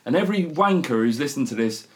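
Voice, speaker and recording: A man's voice: fairly high pitch, lively intonation, fast. A man hosting a casual football podcast, talking bluntly and swearing freely. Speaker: podcast host.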